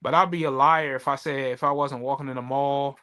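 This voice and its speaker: A man co-hosting a podcast, chatting casually, telling animated stories, swearing freely and acting out the voices of people he quotes. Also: medium pitch, a little fast, clear, resonant tone. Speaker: podcast co-host. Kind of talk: casual chat.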